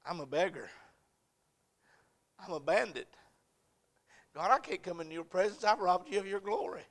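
A man preaching a sermon with passion, in rhythmic, repeated phrases that move from hushed to shouting. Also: high voice, moderate pace, vocal fry. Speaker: pastor.

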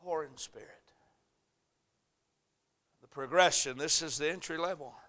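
A man preaching a sermon with passion, in rhythmic, repeated phrases that move from hushed to shouting. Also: on the high side, unhurried. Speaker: pastor.

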